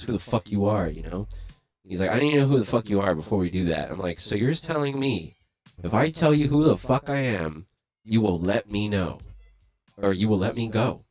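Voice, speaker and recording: A man's voice: on the low side, a little mellow, no echo. A young man telling a story in casual, profane talk, acting out the voices of the people he quotes. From Los Angeles. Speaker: livestream host.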